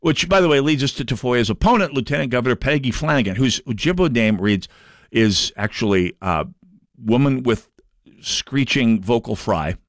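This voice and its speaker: A man hosting a political talk radio show, delivering a sarcastic, mocking monologue with sudden jumps in pitch for emphasis. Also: expressive, normal speed, dry recording, studio quality.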